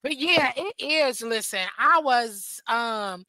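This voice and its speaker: A woman's voice: a little high, expressive, slow pace, pushed and bright, dry recording. A woman guest in a casual chat, telling a rambling story with many fillers.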